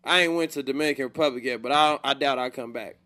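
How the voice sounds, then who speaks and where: A man's voice: medium pitch, quick pace. A young man co-hosting a podcast, telling stories in casual chat with friends and laughing often. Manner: animated storytelling, laughing often. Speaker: podcast co-host.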